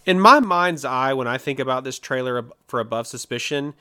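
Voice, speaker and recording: Male podcast co-host, mid-range voice; relaxed, chatty, and loose with his phrasing. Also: mid-range voice, brisk. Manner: relaxed, chatty, with restarts and fillers. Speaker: podcast co-host reviewing movie trailers. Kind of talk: casual chat.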